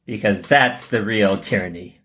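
A man co-hosting a podcast in casual comedic chat, joking and laughing, often jumping into a high exaggerated pitch. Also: moderate pace, a bit bright. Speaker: podcast co-host.

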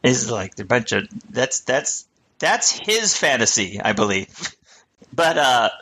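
A man's voice: mid-range voice, sing-song, takes it slowly, bright, forceful tone, breathy edge. A man co-hosting a podcast, chatting casually and mockingly, cursing and laughing often. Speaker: podcast co-host. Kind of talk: casual comedic commentary.

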